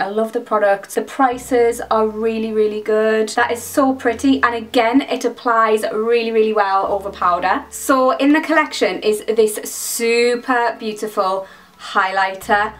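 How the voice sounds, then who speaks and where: Gushing higher-voiced woman beauty vlogger. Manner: gushing, enthusiastic product commentary. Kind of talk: casual makeup tutorial chat. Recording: mic at a distance, faint background music.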